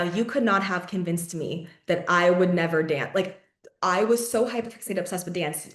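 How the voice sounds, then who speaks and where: A young woman talks through a personal story as a podcast host, loose and chatty, full of fillers, curse words and little laughs. Her voice sits in an ordinary middle pitch. The recording carries a noticeable roomy echo. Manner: chatty, filler-heavy, swears often, laughs mid-story. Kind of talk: casual storytelling monologue.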